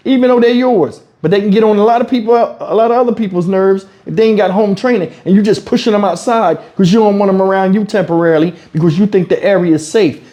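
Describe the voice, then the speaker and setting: A man, home-recorded on a clip-on mic, spins a story in a casual vlog. His voice sits a bit high but mellow and warm in tone. He acts out each exchange with lively, unfiltered talk. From Houston, Texas. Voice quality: animated storyteller, acts out quotes, swears freely. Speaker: YouTube commentator. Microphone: wireless lavalier mic.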